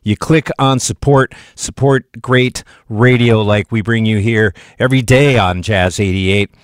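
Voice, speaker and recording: In a radio studio, a man hosts a live jazz show, relaxed and chatty with lots of fillers as he asks listeners to donate during a pledge drive. His voice is on the low side and a little slow, he sounds a bit out of breath, and there's no echo.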